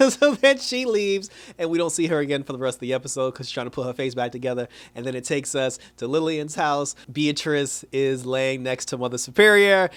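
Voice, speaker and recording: A man giving a casual, animated recap of a TV episode, laughing often as he paraphrases what the characters said. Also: medium pitch, a little fast, hardly any pauses, clear, resonant tone. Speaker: TV show reviewer.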